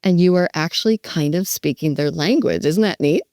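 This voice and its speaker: Warm, emphatic woman coaching caregivers. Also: lowish voice, moderate pace, dry recording, studio quality. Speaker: dementia care educator. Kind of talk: teaching with role-play demonstrations.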